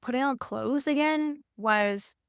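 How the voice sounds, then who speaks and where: Higher-voiced woman podcast host. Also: slow, clean tone, no echo, clean studio sound. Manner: rambling, with many restarts. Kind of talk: casual conversation.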